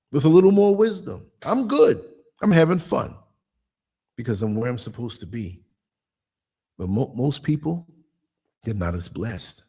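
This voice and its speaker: This podcast host, a man in his 60s, has a fairly high pitch with a darkish tone and a breathy edge. In casual monologue style, he tells blunt stories with a streetwise flavor, acting out quotes along the way.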